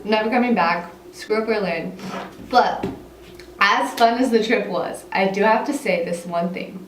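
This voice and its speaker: A woman's voice: medium pitch, fairly bright tone, roomy sound. Young american girl rambling through a storytime, laughy, mic kinda far off, faint hiss behind. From United States. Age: young adult. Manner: chatty, peppered with "like", laughing between phrases. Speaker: vlogger. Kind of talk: casual storytime monologue.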